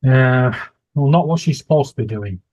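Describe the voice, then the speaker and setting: A man with a British accent chatting on a livestream, dry and teasing in an unhurried way. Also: mid-range voice, lively intonation, a little mellow, dry recording. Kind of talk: casual livestream chat.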